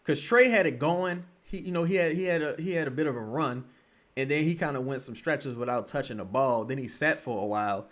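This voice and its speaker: A man livestreaming his reaction to a basketball game, talking casually with lots of profanity, muttering one moment and yelling the next. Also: medium pitch, a little fast. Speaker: streamer reacting to a live game.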